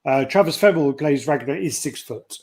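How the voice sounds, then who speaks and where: Male stream host, husky voice, casual sweary storyteller, reads out chat. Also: medium pitch, lively intonation, brisk, a little mellow. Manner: swears a lot, tells stories, reads out chat names. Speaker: host of a collectibles livestream.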